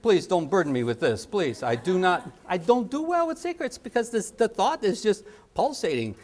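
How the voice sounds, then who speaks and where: A middle-aged man leads a parenting training lecture in a lively, joking way, acting out small scenes with sound effects. His voice sits a little high and swings widely in pitch. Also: moderate pace, a little hiss or hum.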